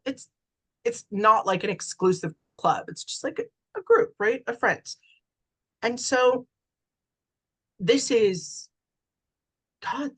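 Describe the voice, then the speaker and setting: A middle-aged woman, a podcast guest, telling a personal story in a chatty way, with lots of "right?" and "like". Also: on the low side. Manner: chatty, many fillers like "right?" and "like". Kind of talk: casual storytelling.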